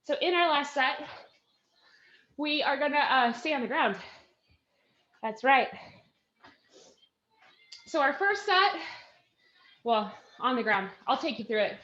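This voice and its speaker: A woman's voice: high voice, expressive, takes it slowly, pauses often, sharp tone, roomy sound, highs cut off. A woman leading a live workout class, counting reps and cheering her team on while out of breath. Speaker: fitness instructor.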